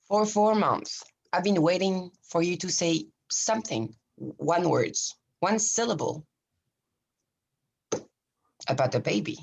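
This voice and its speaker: A woman playing a young wife calmly ending her marriage, husky and controlled, in an acting class scene. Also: lowish voice, slow, long pauses, heavily acted. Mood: bitter. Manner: flat, controlled, refusing emotion.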